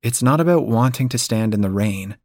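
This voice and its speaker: A man's voice: mid-range voice, lively intonation, brisk, dry recording, studio quality, close to an everyday voice. A man reading a dreamy, playful young woman. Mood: reflective. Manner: gentle, reflective, with teasing turns. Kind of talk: audiobook dialogue.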